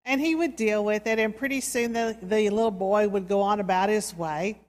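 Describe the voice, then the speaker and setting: A woman preacher giving a sermon, telling a story in a slow, soft, dramatic way. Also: medium pitch. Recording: reverberant hall.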